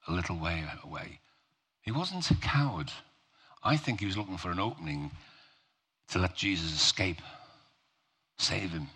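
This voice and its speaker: Male preacher, very low voice, bright tone, slow emphatic sermon. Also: husky. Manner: slow, emphatic, conversational preaching with rhetorical questions.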